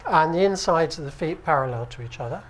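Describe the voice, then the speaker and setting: A British man teaching at an acupuncture conference, speaking in a relaxed, conversational way and often checking with the audience. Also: on the high side, fast. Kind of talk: conference lecture. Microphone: handheld microphone.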